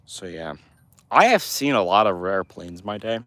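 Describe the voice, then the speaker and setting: A man's voice: low-pitched, very animated, normal speed, pushed and bright, no echo. A teenage boy from Montana chatting casually with his livestream viewers, rambling through restarts and fillers. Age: teens. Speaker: livestream host answering chat.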